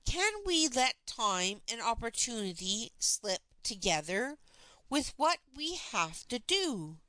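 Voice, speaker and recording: A woman's voice: on the high side, big pitch swings, slow, sharp tone, no echo, full character voice. A woman reading the part of an impatient, mocking young man in an audiobook, voicing him with urgency and scorn. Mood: eager.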